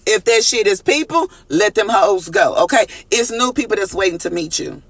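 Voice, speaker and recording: A man giving a casual tarot reading to viewers, animated, profane and preachy, calling them y'all and baby, sometimes slipping into a sing-song. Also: high-pitched, moderate pace, dry recording. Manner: breaks into sing-song phrases. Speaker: tarot reader.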